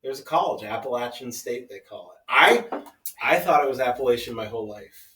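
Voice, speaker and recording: A man's voice: medium pitch, lively intonation, moderate pace, pushed and bright. A man co-hosting a casual podcast chat, joking and rambling with frequent restarts. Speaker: podcast co-host. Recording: echoey room, mic at a distance.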